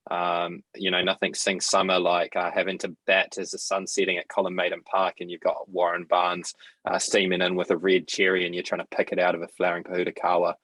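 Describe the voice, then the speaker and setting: A man's voice: low-pitched, monotone, brisk, a bit bright, dry recording. A young man with a New Zealand accent hosting a casual podcast chat, swearing freely and bantering with his mates. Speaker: podcast host.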